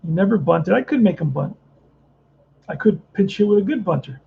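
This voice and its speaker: A man's voice: sits high, big pitch swings, moderate pace, vocal fry, phone-quality sound, a little hiss or hum. A man casually narrating a tabletop baseball replay, thinking aloud and rambling with frequent restarts. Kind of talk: casual play-by-play and chat.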